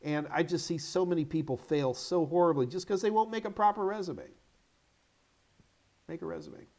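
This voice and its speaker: A middle-aged man from the United States hosting a live Q&A, giving energetic, emphatic career advice in short repeated commands while sounding a little tired. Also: high voice, a little fast. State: yawny, tired. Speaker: host answering viewer questions.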